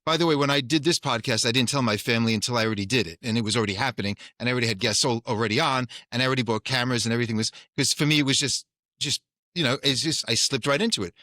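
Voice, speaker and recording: Male podcast host, bright voice, dry sound, casual and rambling. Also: mid-range voice, racing, no echo. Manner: conversational, rambling. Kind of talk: casual interview chat.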